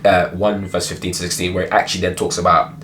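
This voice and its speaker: Earnest low-voiced young man. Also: flat delivery, fast talker, fairly bright tone, a little hiss or hum. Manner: earnest, many restarts and rhetorical questions. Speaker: Christian video blogger. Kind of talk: casual spoken commentary.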